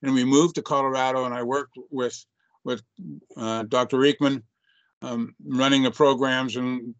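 An older man with a mid-pitched voice, recounting his own past with earnest reflection. He often restarts a phrase before finishing it. The sound is dry and close, with no room around it. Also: level tone, normal speed, no room sound, muffled recording. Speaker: chiropractor guest. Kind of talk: storytelling interview answer.

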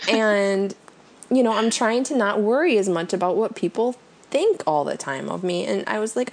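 A woman's voice: medium pitch, sing-song, moderate pace, a little mellow. A woman co-hosting a podcast in casual chat, telling stories and laughing often. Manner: chatty storyteller, laughs often. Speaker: podcast co-host.

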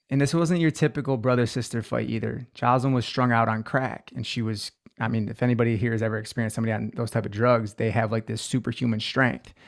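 A man in his twenties, a guest on a podcast, telling his life story in an earnest, reflective way. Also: medium pitch. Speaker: podcast guest, healing coach. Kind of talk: personal story in an interview.

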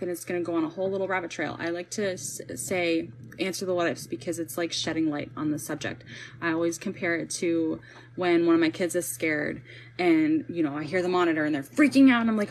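A young woman hosting a casual live chat as a birth coach, bubbly and animated, laughing easily. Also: fairly low pitch, slight background noise, low-quality recording. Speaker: podcast host, birth coach.

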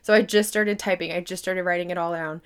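A woman's voice: on the low side, fairly even intonation, fast, clear, resonant tone. A woman hosting a casual solo podcast, rambling and earnest, with lots of filler words and swearing, growing emphatic when she makes a point. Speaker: podcast host.

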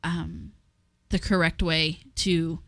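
Frank woman with a bright, dry voice. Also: sits low, flat delivery, takes it slowly, no echo. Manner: plain and frank, with frequent "um" fillers. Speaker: co-host, parent. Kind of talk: casual faith-based parenting talk, reading aloud.

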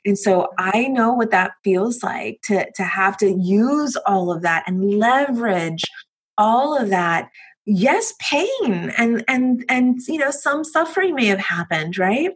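Woman host, husky voice, affirming and reflective, mid pitch. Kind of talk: interview conversation.

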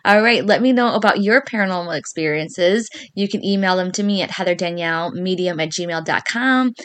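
A woman hosting a podcast, telling a ghost story in a casual, animated way, acting out what people said and laughing often. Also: lowish voice, a little fast. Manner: animated, acts out quoted voices, laughs often. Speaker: podcast host.

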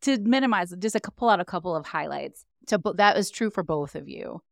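A woman's voice: on the low side, animated, fairly quick, vocal fry, no room sound, clean studio sound. A woman guest coach on a podcast, explaining with animation and acting out quoted inner voices.

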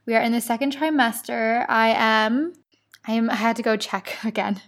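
A woman's voice: fairly high pitch, fairly even intonation, moderate pace. A young pregnant woman hosting her own podcast, chatting about her life and tearfully reading a journal entry, laughing through tears. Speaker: podcast host.

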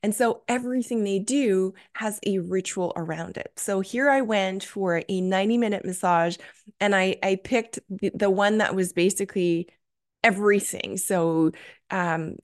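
A woman's voice: mid-range voice, a little slow. Gushing woman podcast host. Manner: enthusiastic, gushing, many fillers. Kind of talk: solo podcast storytelling.

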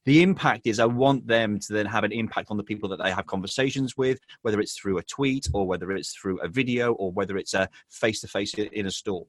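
With a fairly low voice, a man from England chats casually as an interview guest about his business, sounding earnest. He hesitates a lot, says "um" frequently, and keeps starting his sentences over; the recording is dry and clean, like a studio.

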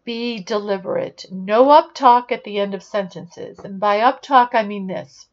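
A woman leadership coach talks through a podcast monologue in a deliberate, instructive manner. Her voice sits at an ordinary middle pitch. The recording is slightly dull and lo-fi.

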